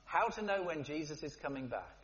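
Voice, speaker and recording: A man preaching a sermon in a lively, conversational way, with playful asides. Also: fairly high pitch, a little fast. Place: church hall. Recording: dull, long-reverb church hall.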